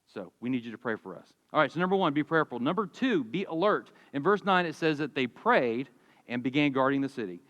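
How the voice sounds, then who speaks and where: A man in his forties preaching a sermon, telling stories in a lively, conversational way with humor. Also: mid-range voice, brisk, in a large hall, highs cut off. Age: 40s. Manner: animated storytelling, conversational with humor. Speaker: pastor. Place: church sanctuary.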